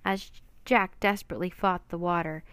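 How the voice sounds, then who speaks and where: A woman's voice: on the low side, moderate pace, clear, resonant tone, no room sound. Woman reading a kids' story, dry sound. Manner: expressive, dramatic narration.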